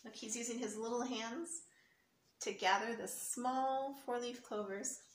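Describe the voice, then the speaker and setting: A woman reads a picture book aloud to children, stopping to explain words and point at the pictures. Her voice sits fairly high. The recording is echoey, with a faint hiss behind it. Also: fairly even intonation, unhurried. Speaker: storyteller for children.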